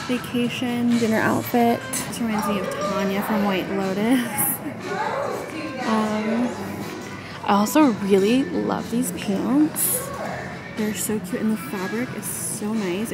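In a rough recording, a young lifestyle vlogger with a medium-pitched voice chats casually to camera. She's bubbly and filler-heavy, constantly saying "like" and "so cute."

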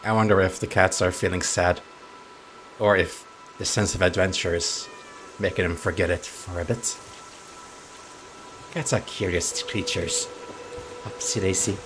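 A man giving playful gameplay commentary as a let's play host, cooing softly and giggling while he talks to the characters on screen. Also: sits low, fairly even intonation, measured pace, pauses often, a little hiss or hum, low-quality recording. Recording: game music behind the voice.

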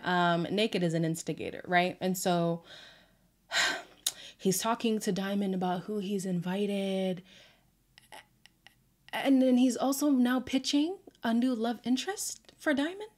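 A woman's voice: medium pitch, measured pace. Woman vlogger, casual sassy recap voice, sighs and exasperated asides. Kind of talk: casual reality-show recap.

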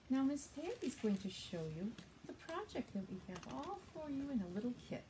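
A woman's voice: sits high, big pitch swings, moderate pace, few pauses, dark tone, slight background noise. A woman as a children's librarian, reading a picture book aloud at toddler storytime in a sing-song, coaxing way. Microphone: video recording.

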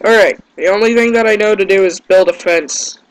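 A man's voice: sits high, brisk, rough recording. A man giving gameplay commentary, yelping in panic and groaning at his own mistakes. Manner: panicky yelps and self-deprecating groans. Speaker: let's play gamer.

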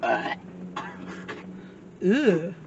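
A woman's voice: lowish voice, wildly swooping pitch, drawn-out words, lo-fi sound, background noise. A woman chatting with a friend in a car, nervous and giggly, squealing now and then. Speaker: friend co-host. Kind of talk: casual chat. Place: inside a car.

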